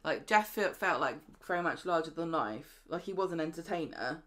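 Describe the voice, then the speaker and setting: A chatty woman co-hosting a laid-back recap, her voice sitting a bit low. She keeps slipping into animated snippets of dialogue as she tells it. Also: moderate pace. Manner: chatty, acts out characters' lines in animated bursts. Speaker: podcast co-host. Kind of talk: casual soap recap chat.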